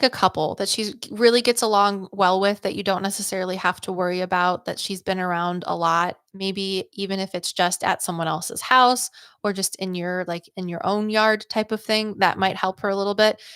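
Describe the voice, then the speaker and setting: Woman, livestream psychic host; casual, upbeat, chatty with many fillers; mid pitch, dry sound. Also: fairly even intonation, normal speed, fairly bright tone, clear, resonant tone, dry recording. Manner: chatty, rambling, full of "like" and "um". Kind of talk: livestream readings chat.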